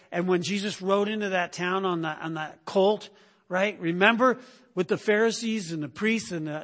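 A man preaching a sermon with a fairly high voice. He talks to the room in an easy, chatty way and tags his points with "right?" He lifts his voice when he acts out the people he quotes. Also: fairly bright tone. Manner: conversational, keeps asking "right?"; acts out quoted speakers in raised voice. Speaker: pastor.

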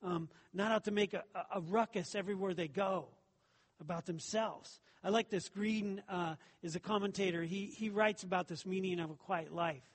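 A man's voice: high-pitched, steady tone, normal speed, husky, big-room sound. A man preaching a sermon as pastor, talking it through with the congregation and asking rhetorical questions.

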